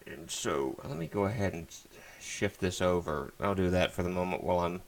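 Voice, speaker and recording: A man streaming a retro game, chatting casually in a flat, monotone way. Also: low-pitched, normal speed, creaky. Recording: game music loud behind the voice. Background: game music.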